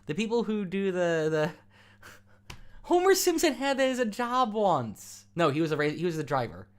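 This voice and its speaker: A man's voice: sits high, very animated, moderate pace. A man hosting a live stream, chatting casually with viewers in a rambling, teasing way and laughing often.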